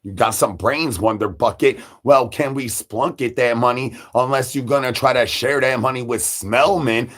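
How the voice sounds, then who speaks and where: A man's voice: mid-range voice, moderate pace, few pauses, a bit bright. A man hosting a livestream, rambling in a hungry zombie persona with repetitive sing-song catchphrases and crude jokes. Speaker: livestream host.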